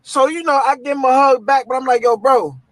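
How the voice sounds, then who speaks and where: High voiced guy telling a storytime, slangy, acting out the quotes. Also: fairly quick, fairly bright tone, no room sound, poor audio. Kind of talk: casual storytime.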